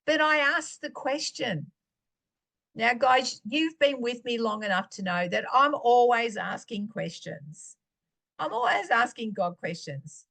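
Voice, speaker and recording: A woman's voice: fairly high pitch, fairly bright tone. A woman giving a personal teaching talk as a preacher, telling stories and acting out her own dialogue.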